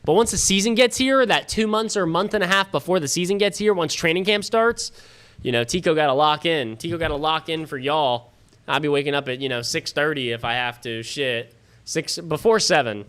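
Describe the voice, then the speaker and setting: A tired man hosts a casual livestream from his home studio, talking straight to his chat and swearing now and then. His voice sits a bit high, with a bright, forceful edge and a smooth, crisp tone. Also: a little fast. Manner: loose and chatty, talks to chat directly, swears casually. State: tired, yawning. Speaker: fantasy football livestream host.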